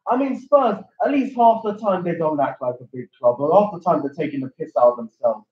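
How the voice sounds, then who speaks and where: A brash young London man swears freely while co-hosting a football watchalong. His voice sits a little high and leaps around in pitch. He is heard from a distance in an echoey room on a dull lo-fi recording. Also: lively intonation, fairly quick. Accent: London English. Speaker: fan channel co-host. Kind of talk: casual football watchalong chat. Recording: roomy, distant, dull lo-fi sound.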